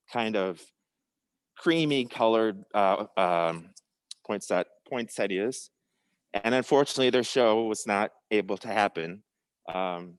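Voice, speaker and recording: Low-voiced man giving a plant tour. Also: clear, resonant tone, no echo. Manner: friendly, informal with fillers. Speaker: conservatory presenter. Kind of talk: guided tour talk. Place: conservatory show house.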